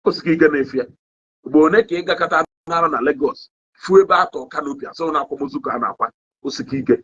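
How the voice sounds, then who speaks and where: A young Nigerian man with an Igbo accent talks to his livestream viewers in an animated, sermon-like rant, his slightly high voice husky at the edges. He switches languages mid-sentence and keeps asking the audience whether they understand. The recording sounds dull and lo-fi. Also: very fast. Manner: code-switching, repeats "you understand?"; animated, swings in pitch. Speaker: online commentator. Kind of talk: casual monologue to a livestream audience.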